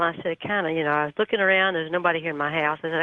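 Animated woman storyteller on a phone line. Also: low-pitched, very fast, few pauses, clean tone, no echo. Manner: folksy, animated retelling with nonstandard grammar. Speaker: radio show guest. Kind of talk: storytelling on a call-in interview. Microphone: telephone.

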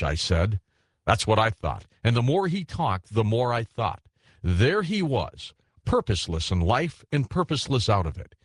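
Man, audiobook storyteller, husky voice, lively melodic delivery, dry close sound. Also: on the low side, no room sound. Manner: measured storytelling, voicing the characters. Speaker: audiobook narrator. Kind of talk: scripted narration of a classic ghost story.

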